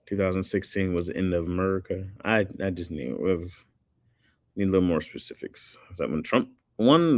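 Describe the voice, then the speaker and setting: A man with a low, deep voice chats casually with his viewers as a comedian host. He jokes easily and stays laid-back. The sound is dry and close. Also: lively intonation, normal speed, no room sound. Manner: laid-back, joking, laughs between remarks.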